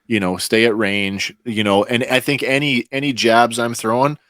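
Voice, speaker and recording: A man's voice: medium pitch, fairly even intonation, normal speed, a bit bright, dry recording, studio quality. A man playing a tabletop game, thinking aloud hesitantly with many fillers. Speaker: player. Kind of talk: casual tabletop play.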